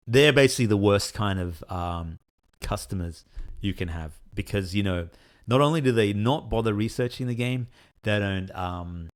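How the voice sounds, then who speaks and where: A man, a solo game developer, talking candidly and rambling with many fillers. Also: on the low side. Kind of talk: casual talk to camera.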